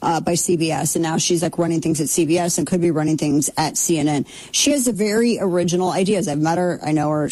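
A woman's voice: lowish voice, a little mellow, poor audio. A middle-aged woman hosting a casual commentary show, talking in a sarcastic, opinionated way with mocking asides.

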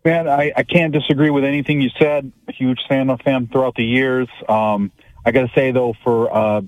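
A man's voice: mid-range voice, fairly even intonation, normal speed, dry recording. Friendly male caller on a muffled line. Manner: friendly, laughing, enthusiastic fan. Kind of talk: phone call to radio show.

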